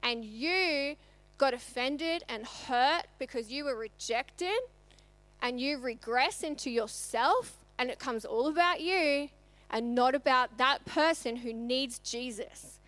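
A woman's voice: sits high, takes it slowly, a bit bright, no echo. A woman, telling a story in a conversational church sermon. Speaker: church speaker. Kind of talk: sermon testimony.

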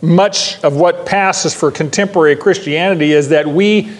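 A man's voice: a little high, moderate pace, long reverb tail. An older man preaching to a Bible class, emphatic, repeating key phrases and putting questions to his listeners. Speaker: pastor teaching a Bible class. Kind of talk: sermon.

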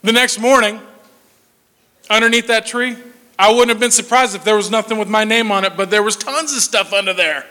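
Man in his forties, high voice, animated storyteller who drops to a hush, hall echo. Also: a little fast. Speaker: speaker telling a personal story. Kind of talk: storytelling talk to an audience. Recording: long hall reverb.

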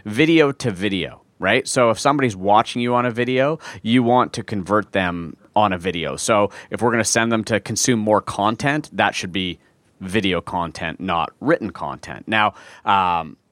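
Low-voiced, hesitant male podcast host. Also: moderate pace, fairly bright tone, no room sound. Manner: hesitant, with many fillers and restarts, asking questions. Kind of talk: casual interview chat.

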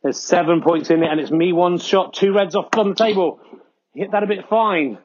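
A man hosting a comedy podcast, giving mock-earnest snooker commentary with frequent excited exclamations. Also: sits high, moderate pace, dull audio. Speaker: host doing mock sports commentary.

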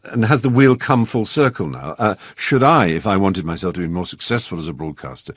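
Deep plummy English man, radio host. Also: animated, brisk, no echo. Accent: English upper-class RP. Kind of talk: radio interview.

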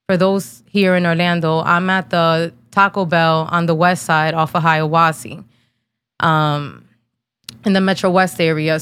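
A woman's voice: lowish voice, fairly bright tone, smooth, no room sound. A woman in her thirties, from New Jersey, hosting a podcast and telling a personal story in a blunt, casual, slangy way, swearing freely and holding back tears. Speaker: podcast host.

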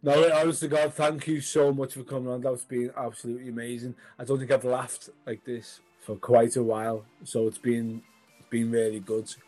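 A man's voice: mid-range voice, level tone, normal speed, mellow, faint music behind. A man co-hosting a casual podcast, jokey and teasing, laughing often. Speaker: podcast co-host.

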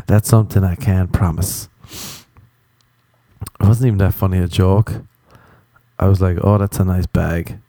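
Man, young adult, podcast host, low gravelly voice, dark tone, rambling swearing stories. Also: fairly even intonation, moderate pace, dry recording, studio quality. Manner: swearing, storytelling, acts out other voices. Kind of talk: rambling solo podcast monologue. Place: Los Angeles.

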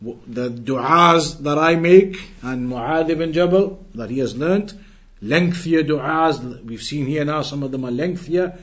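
A man teaching an Islamic lesson who recites Arabic passages quickly and then explains them patiently, repeating and rewording phrases. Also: fairly high pitch. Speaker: religious teacher.

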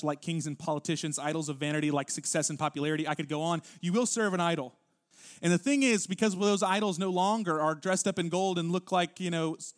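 A man preaching a sermon as pastor, reading scripture with deliberate weight and growing louder when he stresses a point. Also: on the high side.

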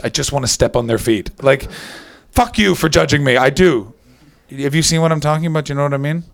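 A man's voice: mid-range voice, creaky. A young Canadian man with a Canadian accent doing a chatty, sarcastic stand-up set and bantering with the crowd at a comedy club. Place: comedy club before a live audience.

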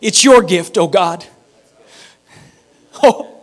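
A man preaching an altar call, speaking with impassioned repetition that swings from hushed prayer to loud pleading. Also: sits high, extremely slow. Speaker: pastor.

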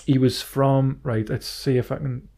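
Excitable swearing man. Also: medium pitch, measured pace, vocal fry. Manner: excitable, swears freely, jokey. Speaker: podcast co-host. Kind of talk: casual banter.

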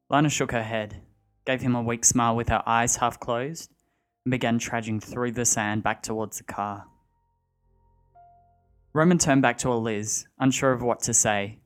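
A man reads a dark story aloud at a steady pace. His voice sits in a middle register, with quiet music running under the narration. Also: medium pitch, clean tone.

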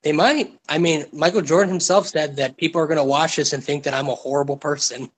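A man's voice: fairly high pitch, fast talker, slightly rough. A man co-hosting a casual chat, talking in profane, emphatic rants. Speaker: podcast co-host.

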